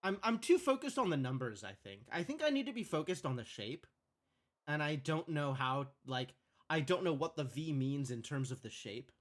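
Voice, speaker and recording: A man's voice: fairly high pitch, sing-song, normal speed. A man streaming a puzzle game live, thinking aloud as he plays.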